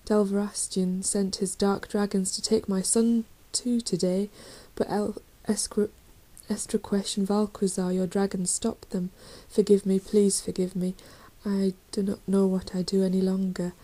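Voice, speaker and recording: A woman's voice: medium pitch, flat delivery, a little slow, few pauses, mellow, lightly acted, low-quality recording. Storybook role: a woman voicing a broken male elf prince, faltering and desperate.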